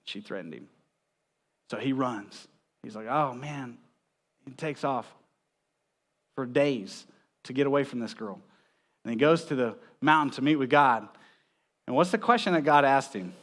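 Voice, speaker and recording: A man preaching a conversational sermon in a church, telling stories with small chuckles and often checking in with "right?". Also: medium pitch. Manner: chuckles between points. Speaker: pastor.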